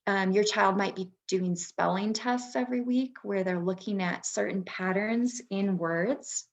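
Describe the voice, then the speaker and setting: A woman's voice: mid-range voice, a little slow. A woman, a former third grade teacher, explaining reading skills to parents in a patient presentation with frequent ums. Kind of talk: instructional webinar presentation.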